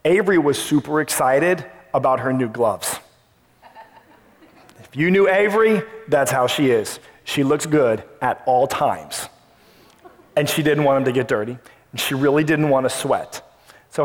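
A man preaching a sermon as pastor, telling a family story with lively asides and acting out his own past lines. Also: mid-range voice, a little slow. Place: church sanctuary. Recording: long reverb of a church hall.

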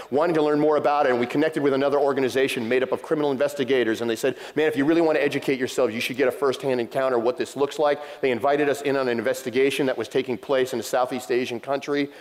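A middle-aged man delivers a sermon in a large church hall, and his voice echoes with a long reverb. He speaks in a somewhat high voice and tells a story with passion, acting out the lines of the people in it. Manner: impassioned storytelling, acting out quotes. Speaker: pastor.

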